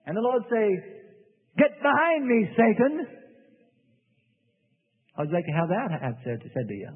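A man preaching a sermon in an animated way, acting out the voices of people praying. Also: on the high side, rapid-fire, slightly rough. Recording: phone-like sound in a reverberant hall.

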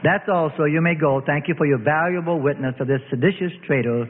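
A man's voice: a little high, brisk, lightly acted. A man reading aloud, voicing an insistent, scheming male prosecutor. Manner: leading, insistent. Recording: tinny, reverberant phone-like audio.

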